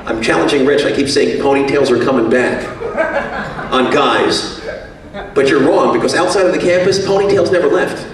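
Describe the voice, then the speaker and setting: A radio executive gives an after-dinner speech at a banquet, telling self-mocking stories in a jokey way. His mid-range voice moves at a moderate pace and sounds distant and echoey, caught from afar in the hall with a crowd audible behind him.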